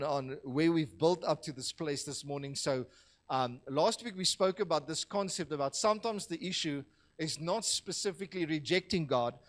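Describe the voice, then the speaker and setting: A man with a slightly higher-than-usual voice preaches a Sunday sermon in church. He talks in a relaxed, conversational way and drops in light jokes for the congregation. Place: church hall.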